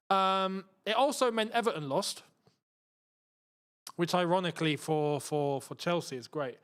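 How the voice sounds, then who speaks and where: A young man with a London accent hosting a live football watchalong, chatting excitably and muttering to himself as he fiddles with the screen. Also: high voice, unhurried, long pauses. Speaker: football channel host.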